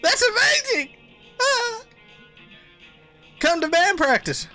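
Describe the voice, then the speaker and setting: A gamer voicing an excitable young male cat character in a video game, squealing and shouting high. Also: slow pace, faint music behind, exaggerated voice. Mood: overexcited.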